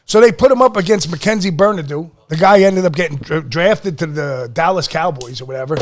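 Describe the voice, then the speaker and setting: A middle-aged man from Pennsylvania hosting a podcast, telling an emotional family story in casual chat, excitable and swearing. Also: fairly high pitch, fairly quick. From Lehigh Valley, Pennsylvania. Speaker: podcast host.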